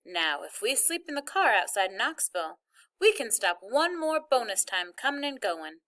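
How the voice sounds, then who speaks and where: A woman reading a novel aloud, voicing an organized mother who lays out plans in a steady, matter-of-fact way. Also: a little high, normal speed. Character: organized, practical mother explaining trip plans.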